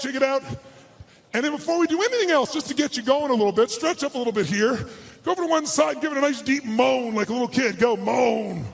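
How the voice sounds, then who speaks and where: A man giving a high-energy motivational seminar to a live crowd in a large hall. He barks instructions, quizzes the audience and swears bluntly. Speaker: motivational speaker.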